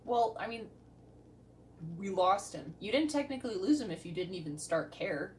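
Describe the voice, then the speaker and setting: A woman's voice: mid-range voice, expressive, normal speed. A young woman paramedic reacting to a TV show in blunt, sarcastic casual commentary, swearing often. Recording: distant mic with faint noise.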